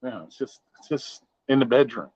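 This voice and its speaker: A man's voice: mid-range voice, animated, brisk, darkish tone, no echo. Male livestream host, loose and profane, rambling chat from his bedroom. Dry, dull home-mic sound. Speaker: live stream host. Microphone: modest home mic. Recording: dull lo-fi home stream audio.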